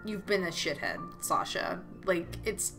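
A woman's voice: fairly low pitch, sing-song, measured pace, creaky. Young female let's-player; chatty, emotional, game music behind. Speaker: gaming YouTuber. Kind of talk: let's play commentary.

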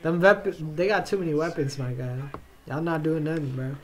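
A young man hosting a casual football reaction video, excitable and slangy, calling out bro after nearly every line. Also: on the high side, normal speed. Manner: excitable, yelps and drawls "bro" constantly. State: tired, yawning. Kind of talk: casual game reaction commentary.

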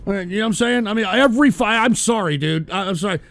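Gravelly high-voiced man ranting on air. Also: animated, fast talker. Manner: exasperated, swearing, swings between shouting and weary mumbling. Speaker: radio show host. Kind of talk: profane on-air rant.

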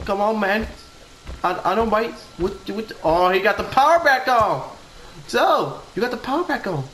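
A woman's voice: medium pitch, expressive, moderate pace, fairly bright tone. A woman streaming a horror game, chatting casually and playfully taunting in-game victims. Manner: playful, taunting, laughs often. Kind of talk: casual gameplay commentary. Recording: roomy sound with game music.

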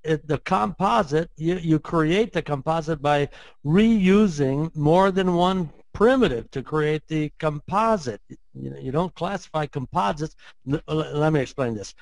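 A man's voice: on the high side, a little slow, vocal fry, no echo, low-quality recording. An older man explaining his ideas in conversation, emphatic and admittedly emotional, repeating points for force. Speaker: interview guest, framework creator.

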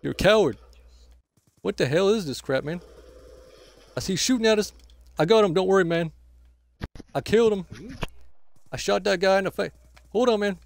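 A man's voice: high voice, normal speed, gravelly, pauses often. Grumbling man commentating his game. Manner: grumbling and frustrated, ends nearly every phrase with "man"; swears and trash-talks opponents. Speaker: gameplay commentator filling in for the channel owner. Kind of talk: casual live gameplay commentary.

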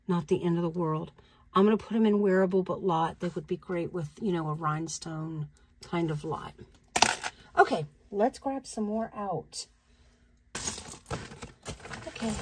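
Slow, breathy woman chatting through an unboxing. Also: mid-range voice. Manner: chatty, thinks aloud, slow and unhurried, laughs easily. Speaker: reseller vlogger. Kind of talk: casual unboxing chat.

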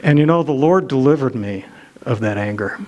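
A middle-aged pastor preaches from the church sanctuary with an animated, somewhat mellow mid-range voice at a moderate pace, the highs cut off in the recording. His sermon weaves in a personal story, told conversationally with self-deprecation and many restarts.

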